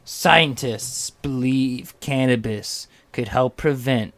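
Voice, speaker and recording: A man's voice: mid-range voice, slow, fairly bright tone. A man hosting a casual podcast, joking and rambling while reading out news headlines. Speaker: podcast host. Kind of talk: casual chat.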